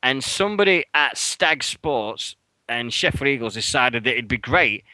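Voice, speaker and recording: A man with a bright, forceful voice, telling a story in a casual radio chat. He swears freely and his pitch leaps sharply when he plays out his own outrage. The sound is close and dry, with no room in it. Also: lively intonation, moderate pace, dry recording, rough recording. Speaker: radio show co-host. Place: radio studio.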